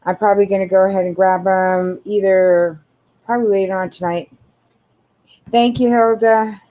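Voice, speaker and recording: A middle-aged woman hosting a casual livestream, greeting viewers by name in a relaxed, tired, unhurried way. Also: mid-range voice. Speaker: livestream host.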